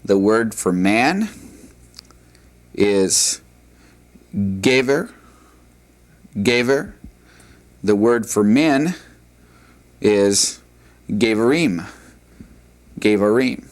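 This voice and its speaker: A man's voice: on the low side, expressive, very slow, pauses often. A man teaching a recorded language lesson, patiently saying each vocabulary word twice, with frequent fillers. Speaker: Hebrew teacher.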